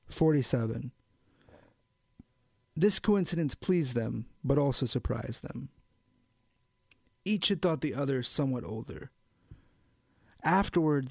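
A man reading a novel aloud in a measured, even storytelling manner. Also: medium pitch, creaky, no room sound. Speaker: audiobook narrator. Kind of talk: scripted narration of a novel.

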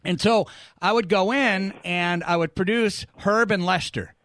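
Middle-aged radio host, animated storyteller, slightly high voice, dry sound. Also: male voice, a little slow, no room sound. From New England. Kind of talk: casual interview storytelling.

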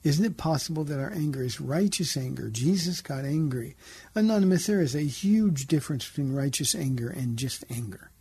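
A man's voice: a little high, animated, a little fast, hardly any pauses, warm tone, slightly rough, dry recording. A man who is a pastor hosts a radio call-in show, answering listener questions in an earnest, conversational preaching manner from a studio.

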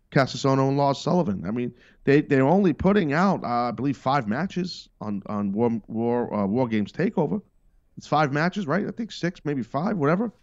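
A man hosts a podcast with a casual, emphatic monologue that often veers off track. His pitch sits in the middle range. The studio-mic sound is dull and dry. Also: a little mellow, no room sound. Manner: rambling, emphatic, self-interrupting. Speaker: podcast host and wrestling commentator.

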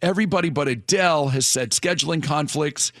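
A man's voice: on the high side, brisk, fairly bright tone, no echo, clean studio sound. A man hosting a morning radio show, chatting casually and rambling with repeated words.

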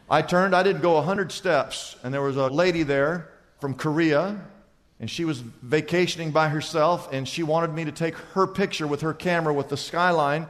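Pastor guy preaching, tells stories, goes loud then real quiet, high voice. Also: normal speed. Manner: storytelling, swings from loud to hushed. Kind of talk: sermon. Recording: long hall reverb.

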